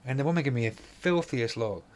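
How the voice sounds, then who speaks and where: A man's voice: medium pitch, a little fast, darkish tone. A man co-hosting a podcast, telling rambling stories full of swearing and acted-out dialogue. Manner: rambling anecdotes, heavy swearing, acts out dialogue. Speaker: podcast co-host. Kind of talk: casual chat.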